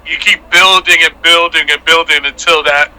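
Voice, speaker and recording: A man's voice: fairly high pitch, fairly even intonation, normal speed, pushed and bright, poor audio. A man who is a guest on a casual podcast, talking emphatically, laughing, and repeating himself for stress.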